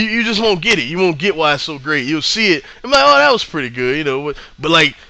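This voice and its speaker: Bright-voiced man, chatty and excitable. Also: a little high. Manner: laid-back and excitable, laughs often, slangy, repeats himself. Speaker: wrestling show reviewer. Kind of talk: casual unscripted review.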